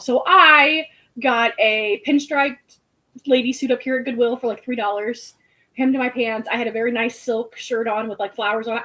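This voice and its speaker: A young woman in her twenties, chatting casually and telling an animated story with lots of fillers. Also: a little high, moderate pace, poor audio. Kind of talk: casual chat.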